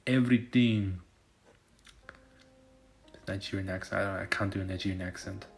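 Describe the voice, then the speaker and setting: Low-voiced man rambling casually. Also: monotone, racing, vocal fry, fairly bright tone, faint music behind. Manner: loose, profane, filler-heavy storytelling. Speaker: finance content creator.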